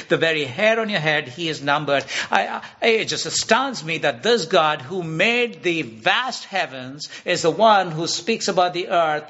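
Man, preacher, emphatic sermon delivery, slightly raised pitch, dull lo-fi sound. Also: bright, forceful tone. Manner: emphatic, repeats phrases, many restarts.

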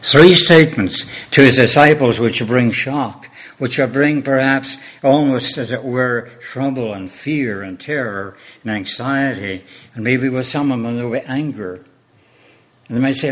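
A man preaching a sermon as a pastor, measured and earnest, building on repeated rhetorical questions. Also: medium pitch, a bit bright, dull audio.

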